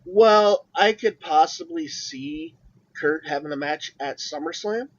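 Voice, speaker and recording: A podcast co-host with a fairly high voice speaks at a measured pace in casual conversation, sounding hesitant and often repeating words. The recording has a dull, lo-fi quality.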